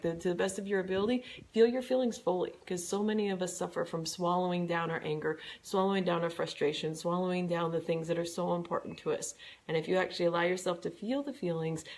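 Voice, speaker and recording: A woman with a lowish voice and a gravelly, fry-tinged edge talks through relationship advice in a relaxed podcast chat. She is earnest and easygoing, and her voice rises when she acts out what someone might say. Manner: earnest, animated when acting out quoted speech. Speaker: podcast co-host.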